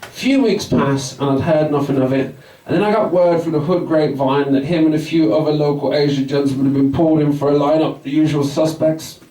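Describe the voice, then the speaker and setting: High-voiced swearing West Midlands comic. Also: male voice, fairly even intonation, brisk, warm tone, roomy sound, far from the mic, poor audio. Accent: West Midlands English. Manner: swearing, acts out both sides of the dialogue. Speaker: stand-up comedian. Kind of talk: stand-up storytelling. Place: small pub comedy night.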